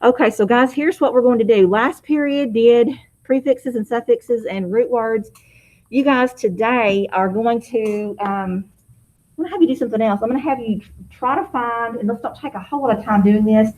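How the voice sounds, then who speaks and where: A woman teaching a high school vocabulary lesson in a classroom, having students repeat each word. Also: moderate pace, darkish tone, low-quality recording. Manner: drills pronunciation, asks class to repeat words.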